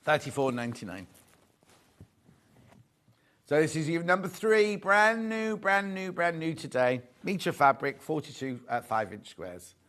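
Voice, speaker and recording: Male shopping-channel host, light higher voice, jokey and chatty, corrects himself as he goes. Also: sing-song, a little slow, fairly bright tone. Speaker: shopping TV presenter. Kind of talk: live selling chat, reading viewer messages. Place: TV studio.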